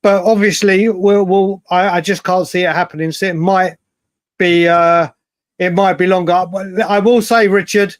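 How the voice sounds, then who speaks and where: English man, casual podcast co-host, high voice, chatty and emphatic, repeats himself. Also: steady tone, normal speed, no echo. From England. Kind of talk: casual chat.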